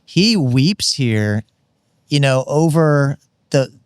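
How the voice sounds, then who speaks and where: A man's voice: mid-range voice, expressive, extremely slow, clean tone, dry recording, studio quality. A man co-hosting a casual Bible discussion podcast, earnest and teacherly as he explains the text. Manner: earnest, teacherly, explains Greek and verse context. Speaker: podcast co-host.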